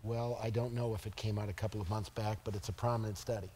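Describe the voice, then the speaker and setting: Halting man moderating a forum. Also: lowish voice, steady tone, mellow. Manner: halting, repeats words.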